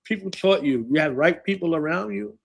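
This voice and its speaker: A man's voice: a little high, lively intonation, brisk, gravelly. A man hosting a podcast who talks in a casual, conversational way and keeps saying "right" and "you know". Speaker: podcast host.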